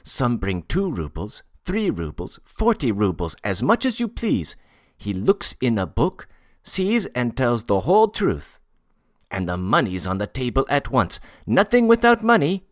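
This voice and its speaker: A man's voice: wildly swooping pitch, a little slow, no room sound, clean studio sound. A man voicing a sly, impudent male Tatar porter who talks in an emphatic, mysterious way. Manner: high, emphatic, pleading and mysterious.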